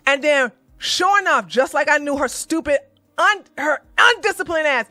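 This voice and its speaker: A woman doing heated livestream commentary, blunt and animated, swearing and mocking as she swings from low muttering to loud outbursts. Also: brisk, dry recording. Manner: swears and mocks. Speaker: commentary streamer.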